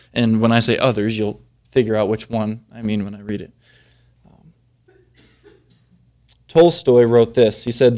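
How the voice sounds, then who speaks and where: A man's voice: mid-range voice, darkish tone. A man preaching a Sunday sermon in a conversational way, building to emphatic stress on key lines. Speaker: pastor.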